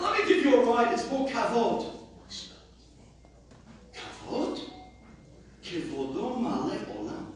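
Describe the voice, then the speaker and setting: A man, a rabbi, giving an impassioned eulogy that swings between shouting and hushed speech. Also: mid-range voice, slight background noise. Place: large hall at a memorial gathering. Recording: very echoey hall, voice far from the mic.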